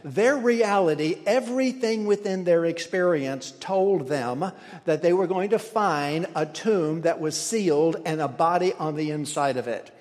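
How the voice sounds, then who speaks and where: A man's voice: a little high, a little slow, darkish tone. Man preaching in a reverberant hall. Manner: explanatory, with frequent restarts and stumbles. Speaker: pastor. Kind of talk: sermon.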